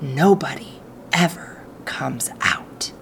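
A woman voicing an old grandfather telling secrets in an audiobook reading, speaking low, hushed and confiding. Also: big pitch swings, a little slow, a little hiss or hum.

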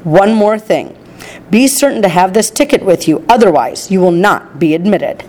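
A woman voicing a gentle, nervous father in a storybook reading, speaking carefully and evenly. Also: high voice, expressive. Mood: solemn. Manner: careful, measured reading aloud.

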